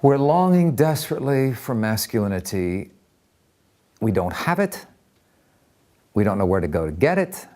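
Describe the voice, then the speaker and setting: An older man telling personal stories in an interview, animated, acting out voices and often repeating words as he talks. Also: on the low side, normal speed, pauses often. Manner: lively, acts out voices in anecdotes, repeats words. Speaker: interviewee, counselor.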